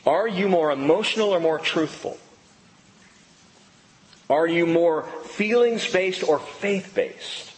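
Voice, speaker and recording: A middle-aged man delivers a sermon with lively, swooping pitch and playful asides. His voice sits a bit high for a man. The sound carries a long reverb from a large hall. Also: slow, pauses often. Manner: animated preaching with playful asides. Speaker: pastor.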